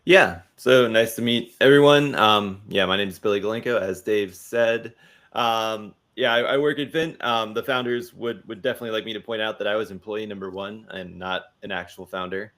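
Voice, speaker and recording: A man speaking as a guest in a casual interview, relaxed and self-deprecating, on a podcast studio mic. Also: lowish voice, normal speed.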